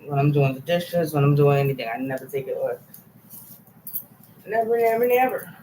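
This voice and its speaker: A woman's voice: extremely low pitch, steady tone, fast talker, warm tone, a little hiss or hum, poor audio. Blunt, profane woman rambling to camera. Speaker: vlogger. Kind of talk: casual chat to camera.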